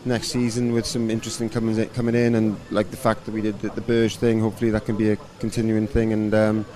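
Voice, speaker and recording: A man in his thirties, a rugby coach, answering interview questions in a relaxed, rambling way with lots of fillers. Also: fairly low pitch, fast. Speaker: rugby coach and former player.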